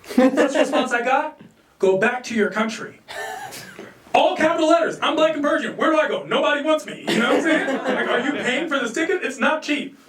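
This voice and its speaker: An animated American man performing stand-up comedy, acting out characters in sudden high voices and laughing at his own jokes. The sound is roomy and distant, picked up by a stage mic far from his mouth. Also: fairly quick, a crowd in the background. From United States.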